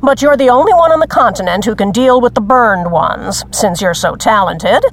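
A woman plays a brisk booking agent in an audio drama. Her voice sits a little high, and she talks in a quick, businesslike way. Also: lively intonation, slight background noise.

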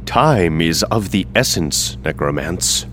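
A man voicing a very deep, formal demon familiar. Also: animated, fairly bright tone, slight background noise, exaggerated voice. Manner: formal, measured, precise.

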